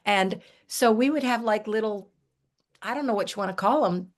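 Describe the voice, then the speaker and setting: An older woman, an herbalist guest, telling stories in a relaxed, folksy way, often restarting her sentences. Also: medium pitch, normal speed. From United States. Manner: warm folksy storytelling with frequent restarts and laughs. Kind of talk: relaxed conversational storytelling.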